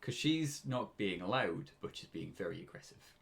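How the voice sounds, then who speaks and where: A man's voice: on the low side, lively intonation, normal speed, creaky. A British man in his twenties telling a story on a casual podcast, often breaking into laughter. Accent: British English. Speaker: podcast co-host.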